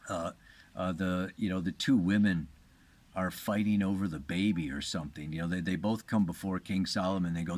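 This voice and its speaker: A man, an astrologer, giving a relaxed and rambling spiritual talk, chuckling often as he goes. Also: mid-range voice, no echo.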